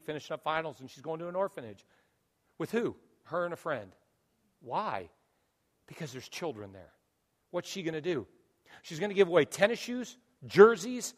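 In a large church sanctuary hall, a pastor with a fairly high voice preaches a sermon. He tells stories animatedly, acting out both sides of conversations.

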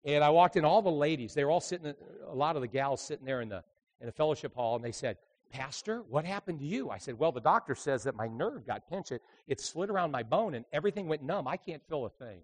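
Animated preacher man telling stories. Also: on the high side. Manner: animated storyteller, swings between quiet asides and loud emphatic bursts. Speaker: evangelist preacher. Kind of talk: sermon with storytelling.

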